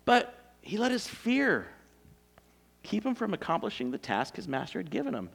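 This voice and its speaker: A man preaching a sermon in a conversational, animated storytelling way, full of asides. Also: sits high, normal speed, vocal fry, breathy edge. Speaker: pastor.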